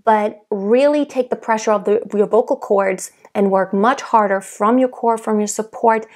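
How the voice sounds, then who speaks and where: A young adult woman giving a singing lesson, explaining technique calmly and demonstrating by singing. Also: medium pitch, normal speed. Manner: calm, explanatory teacher who demonstrates by singing. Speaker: vocal coach.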